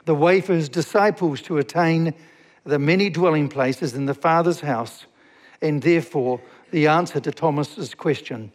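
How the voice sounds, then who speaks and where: A man preaching a sermon as a pastor, reading scripture slowly and asking the congregation questions. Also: a little high, in a large hall.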